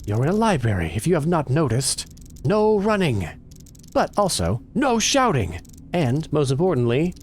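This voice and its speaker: A man's voice: on the high side, wildly swooping pitch, normal speed, voice pushed up. A man voicing a stern, fussy male librarian who keeps scolding people for noise in a game. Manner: scolding, insistent.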